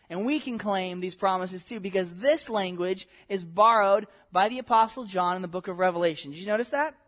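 A man teaching a conversational Bible lesson, animated and laughing often, checking in with "okay?" and "right?". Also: high voice, fairly quick, few pauses.

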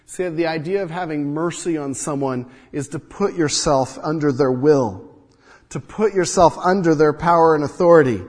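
A man's voice: on the high side, normal speed. A man preaching a sermon in an earnest way, his voice rising and falling as he acts out the quotes. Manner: earnest, rises and falls in loudness, acts out quotes. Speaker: pastor. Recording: long hall reverb.

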